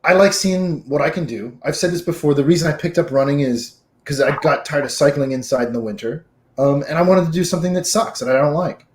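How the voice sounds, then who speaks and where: A man co-hosting a casual podcast, telling stories in a relaxed, slang-filled way. His voice sits a little high. The room around him rings with echo. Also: brisk. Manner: laid-back storytelling with slang. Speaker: podcast co-host. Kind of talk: casual chat.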